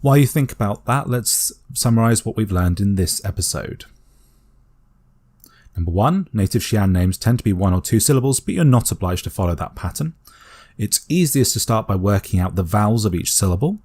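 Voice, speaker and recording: Man, from Britain, language tutorial narrator, methodical, low-pitched. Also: brisk, slightly rough. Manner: calm, methodical, step-by-step. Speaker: language teacher.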